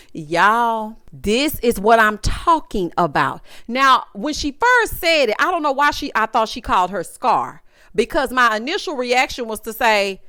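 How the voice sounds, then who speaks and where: A woman with a high voice that swoops all over gives a sassy, dramatic recap of a reality show. Her voice is smooth and clear, close on a dry mic with no room sound. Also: sing-song, sharp tone, no echo. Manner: sassy, dramatic, quick to mimic people. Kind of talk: casual recap commentary.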